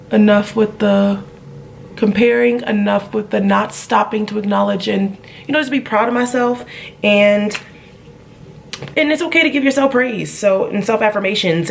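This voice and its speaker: A woman's voice: mid-range voice, gravelly, a little hiss or hum. A young woman with features chatting casually to viewers while doing her makeup at home, often trailing off mid-thought. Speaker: vlogger. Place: home room.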